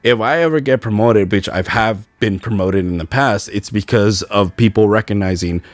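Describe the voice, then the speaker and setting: A man's voice: fairly low pitch, moderate pace, no echo. A young man hosting a podcast, ranting alone with frustration and mocking other people's words. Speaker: podcast host. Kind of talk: solo ranting podcast monologue.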